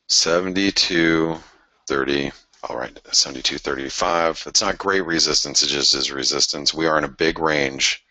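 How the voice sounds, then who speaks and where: A man hosting a live forex trading show, talking through charts in an excitable, thinking-aloud way with frequent exclamations. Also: extremely low pitch, dry recording. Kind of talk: live market commentary.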